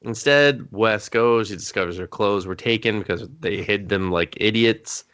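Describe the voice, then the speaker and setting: A man's voice: lowish voice, normal speed, a bit bright, clear, resonant tone. A man co-hosting a casual movie review chat, blunt and crude in his joking. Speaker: podcast co-host.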